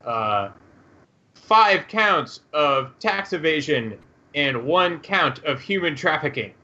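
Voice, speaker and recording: Brief: man as a formal court official, slow and measured, very bright tone, dull audio. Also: a little high, animated, full character voice. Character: male official reading out formal court charges.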